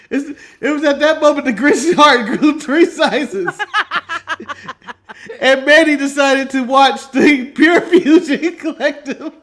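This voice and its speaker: A man's voice: extremely high pitch, slow pace, long pauses, a bit bright. A man from the United States, a podcast co-host chatting casually, joking and laughing through his talk. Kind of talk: casual chat.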